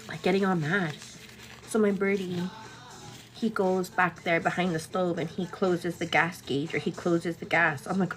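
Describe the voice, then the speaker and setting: A woman's voice: medium pitch, fairly quick. A young woman telling a story to her viewers in a casual, chatty way, tired and overwhelmed, laughing often and quoting both sides of an argument. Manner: chatty, animated retelling with laughs, quotes others. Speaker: vlogger.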